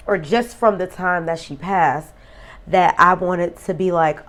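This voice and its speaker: This woman's voice sits on the low side, fairly bright in tone, at a moderate pace. She's vlogging about the death of a friend, earnest and reflective, emotional and near tears.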